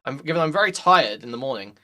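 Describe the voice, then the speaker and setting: A man's voice: medium pitch, lively intonation, fast, pushed and bright. A young man commenting casually on a live stream, blunt and profane, rambling to his chat.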